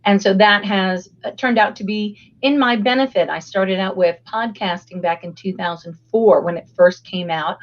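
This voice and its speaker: Guest, woman, hoarse and raspy, upbeat storyteller; muffled lo-fi audio. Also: mid-range voice, normal speed, few pauses. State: hoarse after illness. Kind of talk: casual interview.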